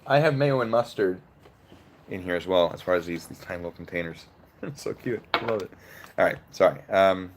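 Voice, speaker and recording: A man's voice: low voice, a little fast, background noise. A man giving opinionated, casual commentary on a legal case, breaking it down step by step while eating.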